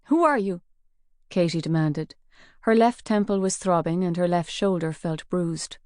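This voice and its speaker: A woman narrating a crime audiobook in a measured, even storytelling manner. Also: lowish voice, clear, resonant tone, no room sound, clean studio sound. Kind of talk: scripted narration.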